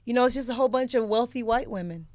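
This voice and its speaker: A woman's voice: a little high, rapid-fire, darkish tone, no echo. A woman guest on a podcast, telling stories in a blunt, profane, casual way on a studio mic.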